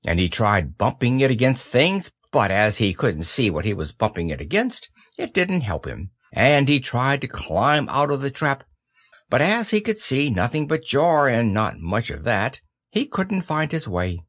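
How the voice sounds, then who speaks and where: A man narrating a children's audiobook with slow, expressive storytelling. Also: medium pitch, no echo, clean studio sound.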